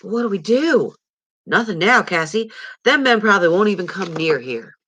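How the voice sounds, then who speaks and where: A woman reading aloud, voicing a stern older brother who talks firmly and in a hushed way. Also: medium pitch, expressive, moderate pace, husky, voice pushed up.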